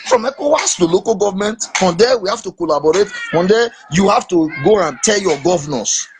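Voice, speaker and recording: A man with a Nigerian accent in casual political chat, emphatic and animated, slipping into Pidgin. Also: high-pitched, fairly quick, a little hiss or hum. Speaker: podcast host.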